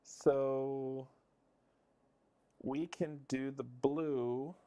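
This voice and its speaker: A man's voice: mid-range voice, fairly even intonation, extremely slow, mellow. A man streaming live, casually thinking aloud and counting his moves as he plays a board game. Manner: muses and counts moves under his breath.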